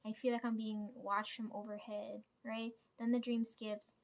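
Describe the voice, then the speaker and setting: Woman vlogger, slightly high voice, rambly casual storytelling peppered with "right?" and the odd swear. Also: flat delivery, normal speed. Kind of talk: casual dream retelling.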